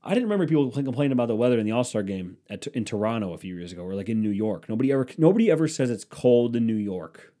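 A man's voice: medium pitch, big pitch swings, very fast, few pauses, dark tone. A man from the Cleveland area riffing in a casual, profane, sarcastic monologue. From Cleveland, Ohio area.

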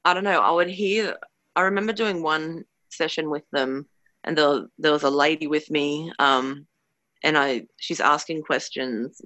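A woman's voice: deep voice, a little slow, pushed and bright, no echo. A woman earnestly recounting a personal experience, hesitant and searching for words as she goes. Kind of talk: personal storytelling.

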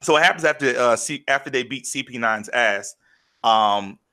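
A man's voice: medium pitch, normal speed, pushed and bright. A man in casual podcast chat, animatedly retelling a story and acting out quotes. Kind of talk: casual chat recapping an anime.

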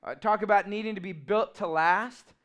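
A man, preaching a sermon in an animated, humorous and emphatic way. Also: sits high, moderate pace. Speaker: pastor.

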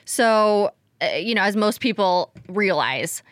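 A woman's voice: medium pitch, animated, slow, fairly bright tone, no echo, clean studio sound. A woman co-hosting a casual podcast chat, chatty and laughing lightly mid-sentence. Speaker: podcast co-host.

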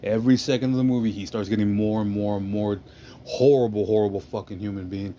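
Man, lowish voice, casual rambling film recap, profane, faint hum behind. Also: fairly even intonation, fast talker, mellow. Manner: rambling, profane, frequent "you know what I mean".

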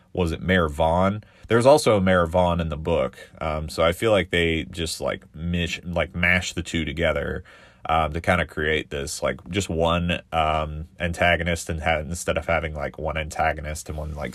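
A man's voice: low voice, fairly bright tone, no echo. A man talking in a rambling, casual podcast style, with many fillers and frequent swearing. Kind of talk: casual solo podcast talk.

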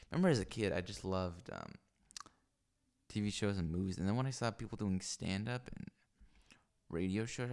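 Solo podcaster, male, low gravelly voice, rambling and crude, home-room mic on a stand. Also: a little mellow. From lives in Los Angeles. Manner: rambling, crude, many fillers and restarts. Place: small home room with foam panels. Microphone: microphone on a stand.

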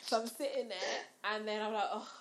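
A woman's voice: medium pitch, steady tone, normal speed, a crowd in the background. A young woman telling a story in casual chat, acting out the quotes with rising squeals.

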